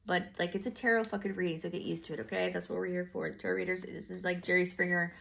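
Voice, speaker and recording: A woman's voice: on the low side, little pitch movement, fast, vocal fry, a bit bright. A woman giving a casual tarot reading, slangy and profane, rambling with lots of fillers and restarts. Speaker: tarot reader.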